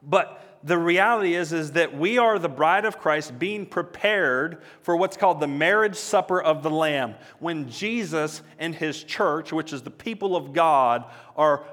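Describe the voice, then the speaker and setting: A male pastor with a somewhat high voice preaches an earnest, conversational sermon that climbs to emphatic peaks. The sound rings with the long reverb of a large hall. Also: expressive, measured pace, hardly any pauses, a bit bright.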